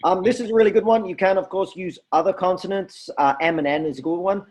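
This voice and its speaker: A man leading a drama workshop for teachers, coaching lively and demonstrating vocal warm-up drills. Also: sits high, fast talker.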